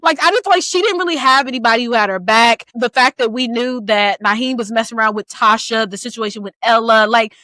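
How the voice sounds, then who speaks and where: A woman in her thirties co-hosts a casual book podcast, talking in an animated, playful way with frequent laughs. Her voice sits a little high and sounds bright and ringing. The close microphone gives a dry sound. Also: fast talker, few pauses, dry recording. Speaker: podcast co-host.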